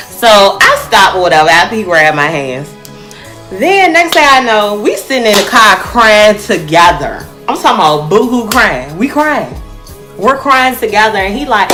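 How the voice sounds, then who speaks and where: A young woman telling a personal story to her viewers in a casual, animated way, often calling them y'all. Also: mid-range voice, moderate pace, faint music behind.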